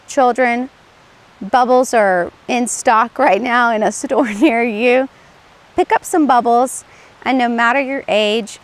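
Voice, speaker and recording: Middle-aged woman host, somewhat high voice, earnest and chatty delivery to camera. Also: fairly bright tone. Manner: conversational and earnest, with light laughs and restarts. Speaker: TV show host; former play therapist. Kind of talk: casual instructional talk to camera.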